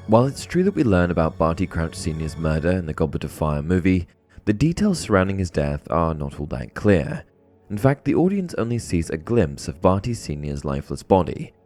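A man hosting a fan explainer channel, narrating a script with expressive, dramatic emphasis. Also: low voice.

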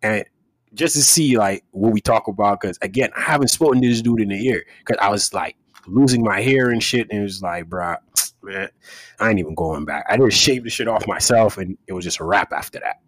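A young man, a podcast co-host, telling a story in relaxed, slangy casual chat and laughing often. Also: fairly low pitch, a little fast, no room sound. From Jamaica.

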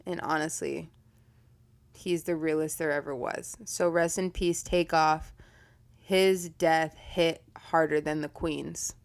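A woman's voice: sits low, steady tone, slow. Chatty, profane young woman podcaster. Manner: chatty, profane, laughs often. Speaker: podcast host. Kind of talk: casual storytelling podcast.

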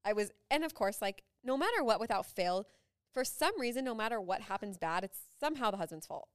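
A young woman co-hosts a casual podcast, her voice smooth and clean. The sound is dry and close. She tells stories in a rambling, chatty way, full of "like" fillers. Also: mid-range voice, very animated, fairly quick, no echo. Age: young adult. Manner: chatty, frequent "like" fillers, laughing asides. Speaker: podcast co-host. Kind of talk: casual chat.

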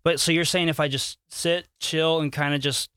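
Casting: man, bright and crisp voice, slightly higher pitch, enthusiastic rambling storyteller, casual podcast. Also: steady tone, normal speed, dry recording, clean studio sound. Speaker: podcast co-host.

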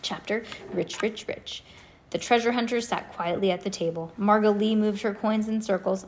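A woman reading a children's book aloud to her kids, lively and animated with them. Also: medium pitch, brisk.

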